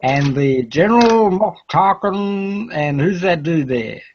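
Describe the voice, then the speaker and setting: A man's voice: high voice, lively intonation, slow, highs cut off. A man with an Australian accent doing rambling, laugh-filled casual commentary on a live stream. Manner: rambling, laughs often, restarts.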